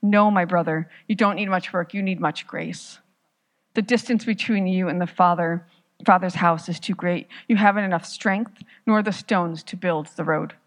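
A woman voicing a patient eldest brother on a rescue mission, speaking calmly, softly and reassuringly. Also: on the low side, moderate pace, natural voice. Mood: tender. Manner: calm, soft, reassuring.

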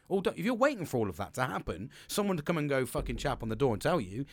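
A man's voice: mid-range voice, big pitch swings, fast, few pauses, dry recording. A young man hosting a podcast, talking in a casual, rambling way, swearing freely and laughing often. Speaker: podcast host. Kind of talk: casual motivational monologue.

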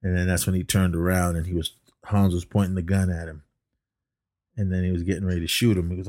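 Man, podcast co-host, low voice, dry close sound, rambling with fillers, occasional cough. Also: little pitch movement, fast, darkish tone, no room sound. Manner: rambling, many fillers and restarts. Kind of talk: casual movie recap chat.

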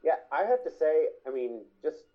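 A man's voice: a little high, sing-song, normal speed. 30s guy cohost, goofy, voice jumps around a lot, kinda muffled audio. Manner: goofy, playfully theatrical. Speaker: podcast co-host. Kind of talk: casual chat.

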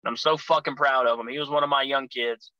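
A man's voice: medium pitch, steady tone, quick pace, sharp tone, dry recording, muffled recording. A man telling rowdy, profane road stories as a guest on a casual podcast. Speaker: guest, pro wrestler.

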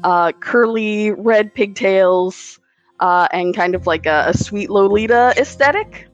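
A woman player in a tabletop game on a call, dry and hesitant with many pauses. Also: medium pitch. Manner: dry, hesitant, lots of uhs. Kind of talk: casual play chat on a call. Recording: dull lo-fi call audio.

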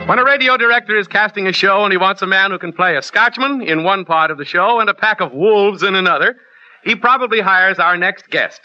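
A man's voice: sits high, sharp tone. A man hosting an old-time radio interview in a genial, formal announcer manner. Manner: genial, formal announcer delivery with easy laughs. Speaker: radio host. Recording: muffled old radio broadcast.

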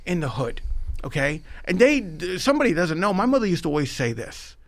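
A middle-aged man from New York with a New York accent, a podcast guest telling his life story in an animated, emphatic way. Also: a little high, fairly quick. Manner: animated, emphatic, addresses the host by name. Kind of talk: storytelling in a conversational interview.

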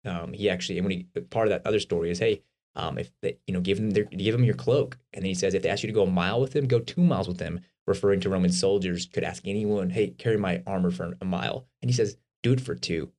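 A man co-hosting a podcast, explaining faith ideas quickly in a casual, conversational way with everyday examples. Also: low voice, a little mellow. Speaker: podcast co-host.

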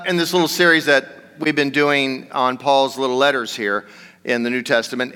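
A man's voice: fairly high pitch, sharp tone, smooth. A man giving a conversational sermon as pastor, rambling through a Bible passage with many fillers. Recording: reverberant hall.

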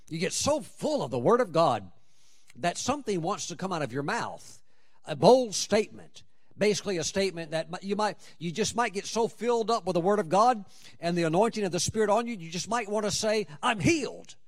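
Male preacher, slightly high pitch, emphatic sermon delivery that stretches key words.

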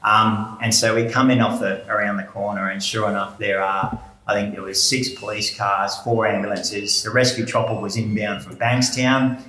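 Aussie bloke, lowish voice, rambling storyteller, echoey room w faint ambience. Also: male voice, moderate pace, slight background noise. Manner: relaxed anecdotal storytelling with fillers. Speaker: ocean swimmer guest. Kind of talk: casual chat, storytelling. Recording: roomy echo with faint background ambience.

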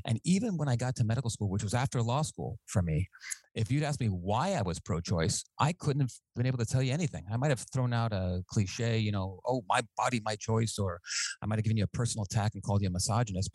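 A man, a physician and author, telling his story as a guest in a radio interview, earnest and measured with small restarts. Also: fairly low pitch, a little mellow, no echo, low-quality recording.

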